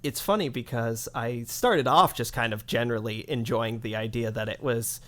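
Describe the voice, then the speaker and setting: A man co-hosting a gaming podcast in casual chat, relaxed, with chuckles and loose asides. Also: medium pitch, moderate pace. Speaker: podcast co-host.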